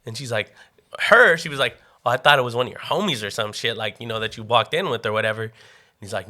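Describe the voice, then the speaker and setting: A man's voice: medium pitch, quick pace, sharp tone. A man, co-hosting a casual podcast, telling a story full of swearing and acted-out quotes. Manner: swears constantly, acts out quoted voices. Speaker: podcast co-host.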